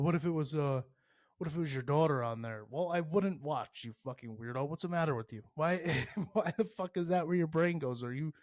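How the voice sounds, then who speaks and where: Profane rambling podcast host, dry close sound. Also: male voice, mid-range voice, dry recording. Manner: profane, rambling, animated with sports analogies. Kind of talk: casual solo podcast rant.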